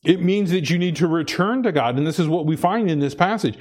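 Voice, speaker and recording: A man's voice: on the high side, animated, fairly quick, darkish tone. A man preaching a sermon, earnest, repeating himself and restarting phrases as he presses his point. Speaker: pastor.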